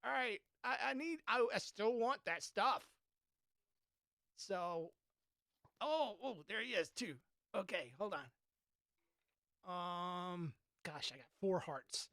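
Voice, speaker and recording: A man's voice: high-pitched, animated, slow pace, pauses often, bright, forceful tone, no room sound, studio quality. A man with a Southern Georgia accent, a podcast host giving casual gameplay commentary and telling a story, folksy and chatty with mild oaths. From Georgia, USA.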